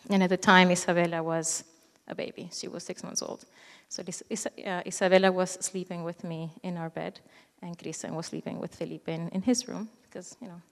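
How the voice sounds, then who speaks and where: Thirties woman, lowish voice, telling her testimony in a reverberant hall, earnest, restarts often. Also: steady tone, vocal fry. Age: 30s. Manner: earnest, halting, with frequent restarts. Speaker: speaker giving a testimony. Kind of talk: personal faith testimony.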